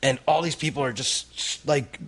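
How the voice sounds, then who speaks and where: A man co-hosting a podcast, telling stories in casual chat in an animated way and swearing freely. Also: medium pitch, moderate pace. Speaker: podcast co-host.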